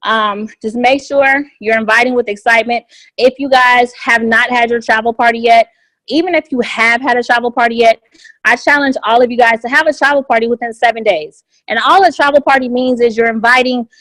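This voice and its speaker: A woman's voice: a little high, brisk, dry recording. Upbeat woman with a dry, close sound. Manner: energetic and repetitive, hammers home key phrases. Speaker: business opportunity trainer on a conference call. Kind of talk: motivational training talk. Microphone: phone conference line.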